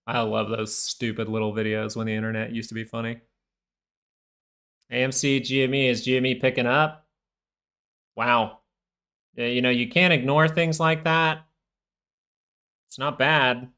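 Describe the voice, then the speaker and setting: A man talks through charts on a live market stream in a loose, rambling way, often restarting his sentences. His pitch sits at an ordinary middle level for a man. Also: flat delivery, measured pace, pauses often, sharp tone, clear, resonant tone. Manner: casual, rambling, many restarts. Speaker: stock market livestream host.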